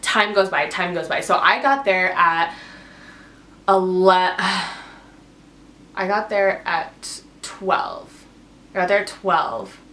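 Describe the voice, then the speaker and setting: A woman's voice: fairly low pitch, animated, takes it slowly, long pauses, sharp tone. A young adult woman vlogger telling a casual storytime, rambling and emotional, with lots of "like". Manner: rambling, emotional retelling full of "like". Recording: echoey room with faint noise.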